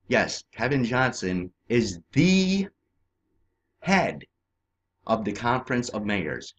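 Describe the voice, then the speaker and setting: A man from California ranting in a profane, agitated way over on-screen maps, swinging between shouting and muttering. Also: medium pitch. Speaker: vlogger.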